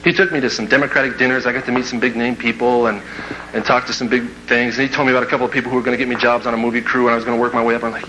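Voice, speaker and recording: A man from Kansas giving a motivational speech, telling a story to a live audience in an animated way and acting out scenes with sound effects and quoted voices. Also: mid-range voice, rapid-fire, noisy background. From Kansas, USA. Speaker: motivational speaker.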